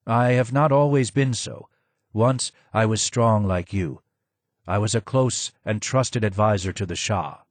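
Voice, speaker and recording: A man voicing a broken, maimed old male former royal advisor, speaking low, hoarse, slow and sad. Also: dry recording. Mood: sorrowful.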